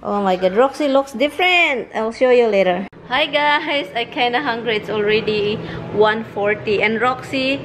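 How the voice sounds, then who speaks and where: A woman's voice: a little high, moderate pace, a little hiss or hum, rough recording. A woman from the Philippines, chatting casually at home in a rambling vlog and talking to her pets. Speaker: vlogger.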